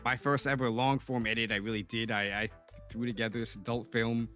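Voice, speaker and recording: Male streamer guest, mid-pitched, talkative and animated, faint music behind. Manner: talkative, quick restarts, animated. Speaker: podcast guest, roleplay streamer. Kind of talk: casual chat.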